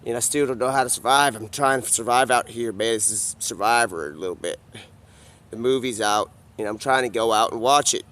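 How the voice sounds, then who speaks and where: A man of middle pitch rambles through a loose, improvised comedy bit outdoors. His talk drawls along in casual slang, tacking "man" onto almost every line. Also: fairly quick, fairly bright tone. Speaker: comedic vlogger.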